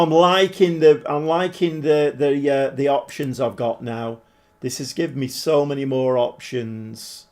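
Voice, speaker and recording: This man's voice is medium-pitched, gravelly and somewhat dark in tone. Streaming a football management game live, he gives casual commentary, talks with his viewers and lets out some mild swearing.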